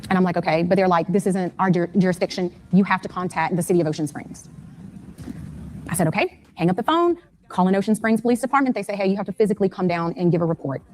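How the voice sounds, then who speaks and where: A mother telling her story in an interview, retelling events rapidly and anxiously and acting out phone calls. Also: fairly low pitch, a little mellow.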